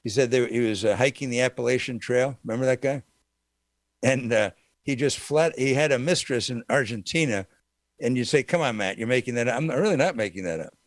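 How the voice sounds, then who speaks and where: A man with a mid-range voice delivers a political talk monologue in an indignant, sarcastic manner. He keeps jumping up into high, incredulous exclamations. The sound is dry and close to the mic. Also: brisk, dry recording.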